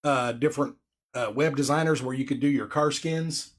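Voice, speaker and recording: A man's voice: medium pitch, steady tone, normal speed. Plain-spoken male guest. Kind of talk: casual chat.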